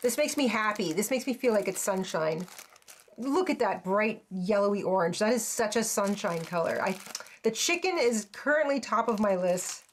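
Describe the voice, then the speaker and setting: A woman's voice: mid-range voice, animated, normal speed, a little hiss or hum. A woman hosting a crafting channel, chatting casually and gushing over each piece with frequent exclamations and little laughs. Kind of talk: casual unboxing chat.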